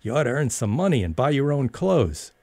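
A man's voice: medium pitch, big pitch swings, fairly quick, a little mellow, no room sound, voice pushed up. A man voicing a stern, nagging middle-aged mother who scolds sharply. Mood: scolding.

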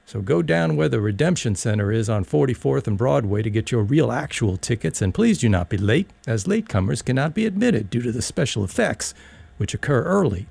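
Guy doing a stiff young usher reciting rules, officious, husky low tone, audiobook. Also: darkish tone, no echo, exaggerated voice. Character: stern young male theater usher, officious. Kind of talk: audiobook reading.

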